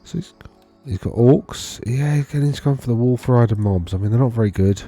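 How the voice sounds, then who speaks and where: A man's voice: mid-range voice, fairly quick, warm tone, faint music behind. A man casually talking through tournament data on his screen, rambling and correcting himself as he thinks aloud. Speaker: wargaming video host. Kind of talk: casual screen-share commentary.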